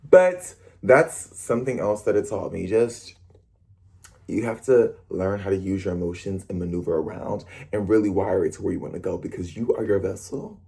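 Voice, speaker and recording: A young man who performs on stage, chatting to camera in an animated, rambling way with quick self-corrections. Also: low-pitched, creaky, slightly rough. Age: young adult. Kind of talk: casual talk to camera.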